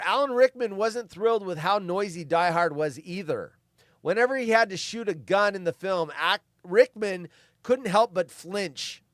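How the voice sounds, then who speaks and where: A man with a high-pitched voice reads trivia in a relaxed commentary, breaking off for offhand asides. The recording is dry and close, with no room sound. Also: no room sound. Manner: reads facts, then adds offhand asides. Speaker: host reading movie trivia. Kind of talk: casual commentary over a film.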